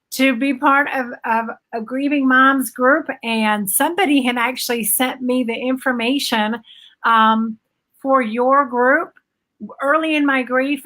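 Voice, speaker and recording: Bright-voiced woman on a video call. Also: fairly high pitch. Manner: reflective, with pauses and fillers. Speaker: guest, bereaved mother and blogger. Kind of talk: casual conversation.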